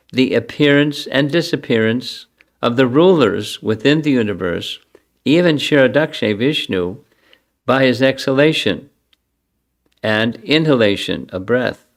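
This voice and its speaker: A man's voice: mid-range voice, expressive, takes it slowly, long pauses. An older man giving a scripture lecture, chanting verses and then explaining them in a conversational way. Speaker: spiritual teacher giving a scripture class.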